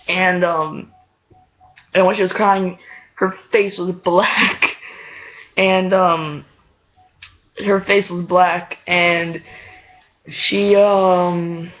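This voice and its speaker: A man telling a story in a casual vlog, rambling with many fillers and restarts and laughing often. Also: high voice. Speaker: vlogger. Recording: dull lo-fi home video audio.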